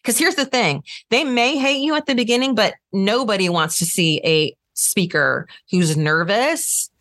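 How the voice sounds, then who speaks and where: Energetic woman teaching trial lawyers, sharp bright voice, dead dry recording. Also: mid-range voice, unhurried, no room sound. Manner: energetic, demonstrates voice tones. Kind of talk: instructional talk to trial lawyers.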